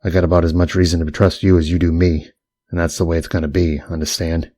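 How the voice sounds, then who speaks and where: Picture a middle-aged driver laying out threats in a calm, matter-of-fact way, voiced by a man reading an audiobook. The voice sits very low and barely moves in pitch. The recording is close and dry. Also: fast talker, dry recording. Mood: cool, menacing. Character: middle-aged male getaway driver, coaxing and menacing. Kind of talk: audiobook character voice.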